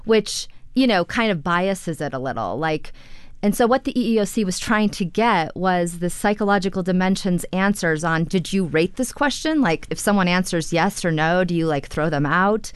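A woman's voice: fairly low pitch, lively intonation, normal speed, clean tone, no room sound. A woman reporter explaining her story in a conversational radio interview, with frequent "you know" fillers.

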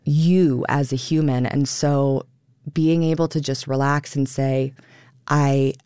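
A woman stage actor talking about her career in a radio interview, lively and laughing, acting out quotes as she goes. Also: very deep voice, slow, smooth, no room sound, studio quality. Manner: animated, laughing, acts out quotes.

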